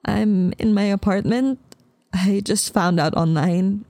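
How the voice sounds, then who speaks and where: A woman's voice: medium pitch, slow pace, warm tone, no echo, clean studio sound. A woman narrator voicing a heartbroken young woman crying on the phone to her sister. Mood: tearful.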